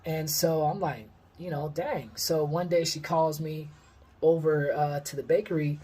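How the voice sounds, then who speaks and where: A man in his thirties from the Sacramento area of California, casually telling a personal story with lots of fillers and lively quoted dialogue. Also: a little high, unhurried, breathy edge. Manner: rambling, heavy on fillers, lively when quoting others. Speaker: vlogger.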